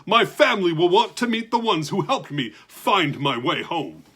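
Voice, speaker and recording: A jolly, bumbling giant king, voiced by a man reading aloud booms out his lines with husky warmth. He sounds big, kind and excitable, like a storybook monarch who means well. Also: moderate pace, full character voice. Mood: jolly booming. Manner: loud, exclaiming, cheerful.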